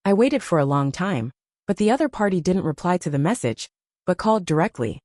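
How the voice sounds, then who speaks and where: A woman narrating a first-person audiobook story in a steady storytelling manner. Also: fairly low pitch, a little fast, dry recording, studio quality.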